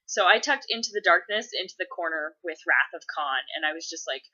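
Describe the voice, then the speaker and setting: A woman's voice: fairly low pitch, expressive, brisk, few pauses, pushed and bright, lo-fi sound. A woman in her thirties chatting casually to camera, swearing freely and wandering off on tangents. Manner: profane, rambling, tangent-prone. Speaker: mother answering viewer questions. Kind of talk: casual vlog chat.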